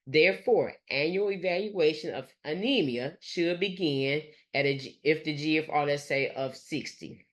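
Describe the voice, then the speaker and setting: A nurse educator giving a recorded lecture over slides, speaking haltingly and leaning on fillers and restarts. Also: medium pitch. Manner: halting, with frequent fillers like "let's say" and "gonna".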